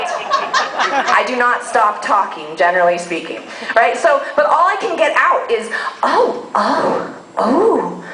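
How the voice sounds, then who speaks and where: A woman tells a bawdy story live, taking her time and swinging her fairly high voice through a wide, lively range. She laughs often and acts out her own gasps. The phone recording picks up an echoey room with faint noise behind her. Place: live venue with audience.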